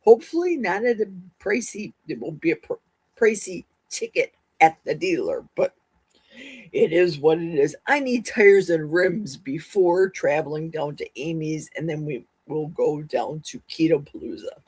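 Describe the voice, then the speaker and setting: A middle-aged woman hosting a casual livestream, talking fast and rambling from one topic to the next. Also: low voice, expressive, a little mellow, husky, dry recording. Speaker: livestream host.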